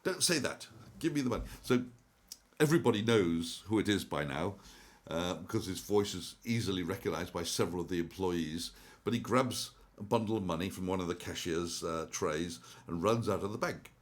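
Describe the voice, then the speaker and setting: A man's voice: low voice, normal speed. An older man giving a casual, rambling monologue about markets and an old story, with many ums and restarts. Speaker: investment commentator.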